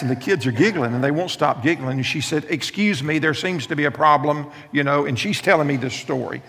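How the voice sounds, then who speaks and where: Gravelly preacher in a reverberant hall. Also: male voice, mid-range voice, a bit bright. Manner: storytelling with humor, repeats key lines. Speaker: pastor. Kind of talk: sermon.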